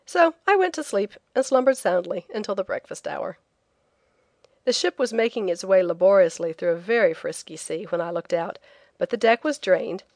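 A woman reading a travel memoir as an audiobook narrator, telling it in a clear, lively way. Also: medium pitch, no room sound.

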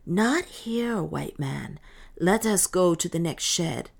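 A woman voicing an old native woman who speaks urgently and in hushed tones. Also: on the low side, expressive, slow, vocal fry, exaggerated voice.

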